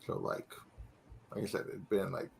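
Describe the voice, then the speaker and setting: A man's voice: normal speed, slight background noise. A man narrating as game master, casual and loose, with lots of fillers. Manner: casual, filler-heavy, laughs often.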